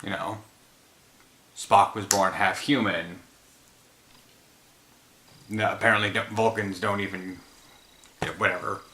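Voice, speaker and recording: A man's voice: fairly low pitch, steady tone, slow pace, pauses often, pushed and bright, a little hiss or hum. A tired man after a run, hosting a casual chat about films and rambling, often trailing off mid-thought. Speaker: host. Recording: roomy echo.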